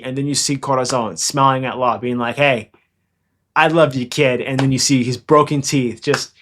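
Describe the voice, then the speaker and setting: A young man hosting a fan commentary channel, talking fast and excitably in a rambling, casual way. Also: medium pitch. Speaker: anime commentary channel host.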